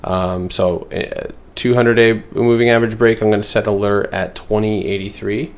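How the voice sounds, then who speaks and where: Lowish-voiced guy doing a laid-back stock chart livestream, talking to chat. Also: steady tone, moderate pace. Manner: loose, filler-heavy, answers chat. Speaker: stock trading streamer. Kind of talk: casual livestream chart analysis.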